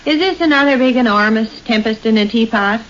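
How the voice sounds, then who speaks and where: A woman playing a practical middle-aged housewife full of quick homey exclamations, in 1930s radio comedy style on a hissy old recording. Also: fairly high pitch, a bit bright, muffled recording, natural voice. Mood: bustling.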